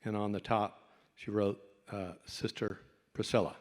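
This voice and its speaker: A low-ish, unhurried male voice with little pitch movement belongs to a middle-aged doctor and speaker. He shares a self-deprecating, folksy tale with a convention audience, and the hall adds a long reverb.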